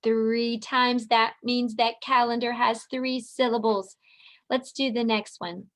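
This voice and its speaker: Preschool teacher lady doing circle time, slow and sing-songy, kinda high voice. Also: level tone. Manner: slow, sing-song, encouraging talk to small children. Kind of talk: virtual circle time lesson for young children.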